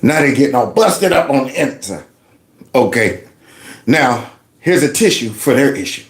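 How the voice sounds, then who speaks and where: A man hosting a reaction commentary show, mocking news clips with loud laughter and playful storytelling. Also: mid-range voice, big pitch swings, moderate pace, echoey room.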